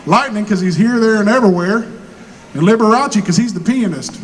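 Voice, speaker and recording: A high-voiced stand-up comedian from Missouri, with a rural Southern American drawl, tells folksy hillbilly yarns on stage at a fairly quick pace. He voices every character himself and delivers punchlines deadpan. The recording is rough, with a faint hum of live-room ambience underneath.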